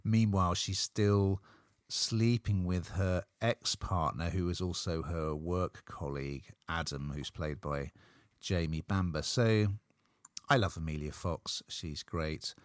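A man's voice: low voice, a little slow, no echo, clean studio sound. A man presenting a casual TV review chat, chatty and upbeat, laughing easily.

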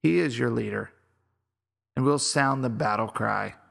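A man's voice: medium pitch, unhurried, gravelly, fairly bright tone. A man hosting a devotional podcast, teaching from the Bible in an earnest, exhorting way. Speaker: podcast host.

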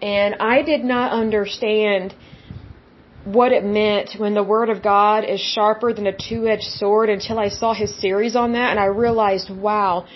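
A woman's voice: mid-range voice, dull audio, slight background noise. A woman hosting a devotional podcast, teaching in an earnest, emphatic way, with many rhetorical questions and repeated words. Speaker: podcast host.

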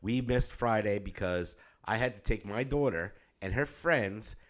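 A man's voice: fairly low pitch, unhurried. A tired middle-aged man co-hosting a podcast in casual, rambling chat, swearing freely. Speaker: podcast co-host.

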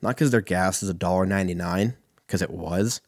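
A young man from California telling a profane, animated stand-up story. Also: sits low, fairly quick, no echo, studio quality. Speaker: comedian.

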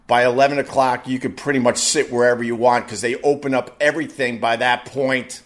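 A man voicing a male resort worker who quietly passes on an insider tip in a lowered, hushed voice. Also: fairly even intonation, brisk, close to an everyday voice. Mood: confiding. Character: male resort worker, low confiding tipster.

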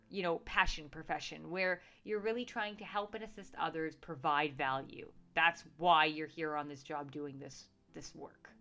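A woman's voice: on the low side, fairly bright tone. A woman who works as a professional psychic, talking casually and earnestly, reassuring listeners with many fillers and restarts. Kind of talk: casual talk to camera.

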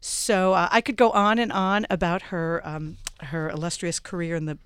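A woman's voice: lowish voice, fairly even intonation, moderate pace, clear, resonant tone, no room sound, studio quality. A middle-aged woman hosting a radio talk show, introducing guests in a chatty way full of ums and uhs. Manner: warm, chatty introductions with many fillers.

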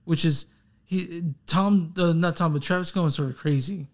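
Brief: young male co-host, a little high-voiced, rambles and curses in loose music chat. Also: normal speed. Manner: rambling, swearing, self-deprecating. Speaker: podcast co-host. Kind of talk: casual chat.

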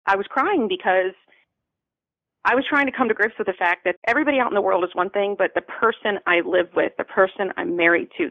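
A woman's voice: mid-range voice, a little fast, no room sound. A woman from Florida tells her story as a guest, earnest and open, often repeating words for weight. Her voice comes over a thin, phone-like line. The sound is dry, with no room around it. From Florida, USA. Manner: earnest, repeats phrases for emphasis. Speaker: podcast guest. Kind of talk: emotional personal storytelling.

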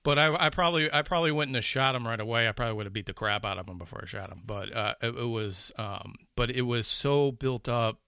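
Bright-voiced man rambling about a film. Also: medium pitch, fast talker, vocal fry, hardly any pauses, clear, resonant tone, dry recording, clean studio sound. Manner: rambling, many restarts, swears, laughs. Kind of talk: casual chat about films.

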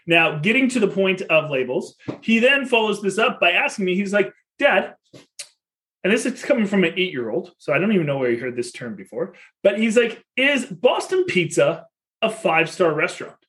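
A man in his thirties, a father and podcast host, telling a story in a lively, casual way and laughing often. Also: high voice, fairly quick.

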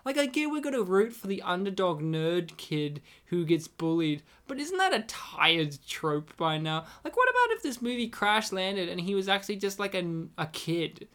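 A man's voice: sits high, very animated, normal speed, few pauses, fairly bright tone, smooth. A man co-hosting a casual movie podcast, blunt and opinionated, cursing freely as he picks apart a film. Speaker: podcast co-host.

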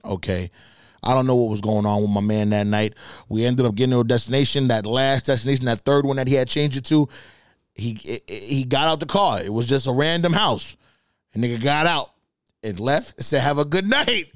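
A man hosting a podcast alone, telling stories in casual, profane, animated talk with laughs. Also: medium pitch, clear, resonant tone, no room sound, studio quality. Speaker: podcast host. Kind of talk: casual solo storytelling.

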